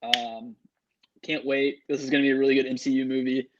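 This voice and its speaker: A young man co-hosting a sports podcast, excitable and rambling, full of "like" and "um". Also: medium pitch, brisk, background noise. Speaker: podcast co-host. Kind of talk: casual sports podcast chat. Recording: dull lo-fi mic.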